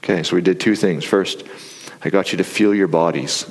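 Middle-aged guy with a low voice leading a breathing exercise live, calm coaching tone, big echoey hall. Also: a little fast, husky. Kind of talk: live talk with guided breathing. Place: large hall before an audience. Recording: live hall with long reverb.

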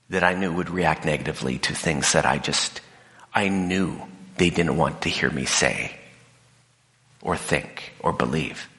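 A man giving an animated talk, his voice bright and forceful. He acts out the people he quotes with jumps in pitch. The sound has a long hall reverb. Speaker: speaker. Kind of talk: talk to an audience.

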